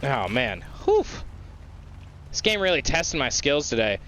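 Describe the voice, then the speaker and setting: A young man giving live gameplay commentary, excitable, swearing often and shouting at the game. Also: mid-range voice, a little slow, a little hiss or hum. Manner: mocking sing-song voice when quoting the game. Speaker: gaming streamer.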